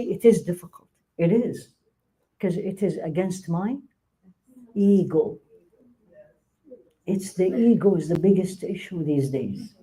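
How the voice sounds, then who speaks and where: Middle-aged woman teaching faith class, warm low-toned voice, acts out quotes. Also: poor audio. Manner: animated, acts out quoted speech, laughs often. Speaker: Islamic teacher. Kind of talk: religious lecture to a live class.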